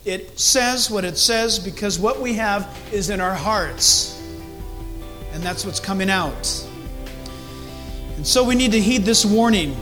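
A middle-aged man preaching a sermon as a pastor, animated and acting out different tones of voice as he speaks. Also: high voice, unhurried, pauses often, faint music behind.

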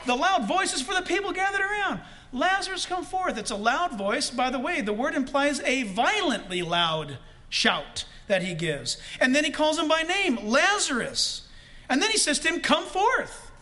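A male pastor preaching a sermon with animated delivery, shouting the quotes he acts out and laughing often. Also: very high voice, moderate pace.

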